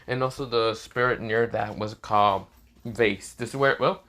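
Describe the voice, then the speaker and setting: A man's voice: fairly low pitch, normal speed, a bit bright. A man retelling a fan story casually, rambling with many fillers.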